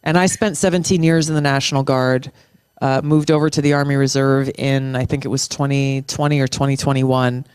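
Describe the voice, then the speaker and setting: A middle-aged military veteran and former state lawmaker, a guest speaking earnestly in an interview, impassioned and slowing down for emphasis. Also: mid-range voice, flat delivery, a little mellow, clean tone, no room sound. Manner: impassioned, restarts phrases, slows down for emphasis.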